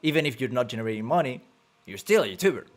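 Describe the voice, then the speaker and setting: Playful laughing non-native podcast host. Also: male voice, mid-range voice, animated, very fast. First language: not English. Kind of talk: casual live-stream chat.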